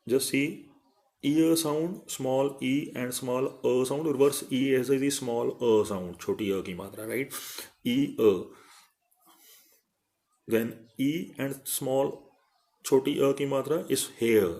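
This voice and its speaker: A man's voice: mid-range voice, lively intonation, slow, dark tone. A middle-aged man giving an online phonetics lecture as a college principal, carefully repeating word pairs to demonstrate sounds.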